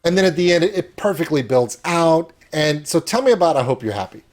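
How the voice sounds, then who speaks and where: A man's voice: on the high side, very animated, brisk, darkish tone. Enthusiastic man hosting an interview. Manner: enthusiastic, rambling. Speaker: interview host. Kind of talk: casual video interview.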